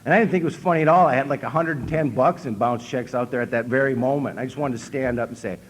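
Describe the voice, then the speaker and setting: A man with an Upper Midwest American accent giving a humorous recovery talk from a convention stage, telling stories in a deadpan, self-mocking way and acting out what people said. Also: mid-range voice, fast, slight background noise. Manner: storytelling, deadpan self-mocking, acts out quotes. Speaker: speaker at an AA convention.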